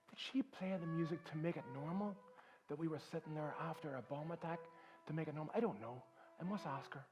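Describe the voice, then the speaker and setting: Man, Northern Irish accent, motivational speaker, vivid storytelling, quiet then rousing, live audience room. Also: a little high, poor audio. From South Armagh, Northern Ireland. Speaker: keynote speaker.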